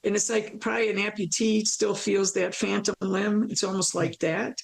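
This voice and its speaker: A woman recounting a near-death experience in an interview, animated and storytelling, acting out her own thoughts and laughing often. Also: medium pitch, moderate pace, creaky, rough recording.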